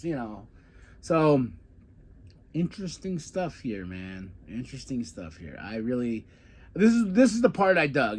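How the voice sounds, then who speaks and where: A man with a somewhat high voice hosts a podcast and recaps a wrestling event in a loose, chatty way. He talks like a fan and often slips into lively quoted lines. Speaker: podcast host.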